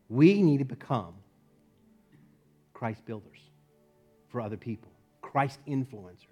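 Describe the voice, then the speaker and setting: A man preaching a sermon in a conversational, animated way, swinging between loud peaks and hushed asides. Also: medium pitch, slow, pauses often, soft background music. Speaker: pastor.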